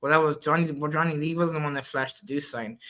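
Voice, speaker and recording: A man's voice: a little high, steady tone, fast talker, bright, forceful tone. A man from the Cayman Islands, a flag football referee and podcast guest, chatting casually in a rambling storytelling way and acting out his own quoted lines.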